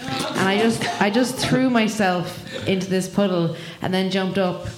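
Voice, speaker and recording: A woman's voice: mid-range voice, unhurried. An Irish woman telling a rambling, swearing comic story at a live show, laughing as she goes. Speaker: comedian guest. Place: live venue with audience. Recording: echoey room, noisy live recording.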